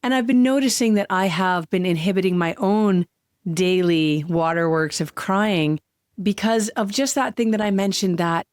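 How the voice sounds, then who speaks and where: A woman hosting a solo podcast, talking candidly and with heartfelt, gentle emotion. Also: mid-range voice, moderate pace, clean tone, no echo, studio quality. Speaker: podcast host.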